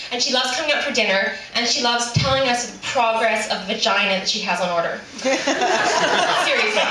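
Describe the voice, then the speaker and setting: A woman from Canada with a Canadian accent, telling humorous personal stories in a lively way and laughing often. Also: a little high. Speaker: storyteller. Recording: echoey room from far off with noise.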